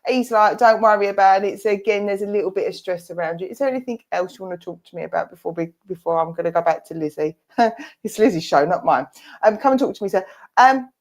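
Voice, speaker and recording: A woman with an Essex accent gives a mediumship reading. She is chatty and reassuring, and she relays what a spirit says in quick asides. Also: on the low side, lively intonation. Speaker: presenter and medium. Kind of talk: giving an online mediumship reading.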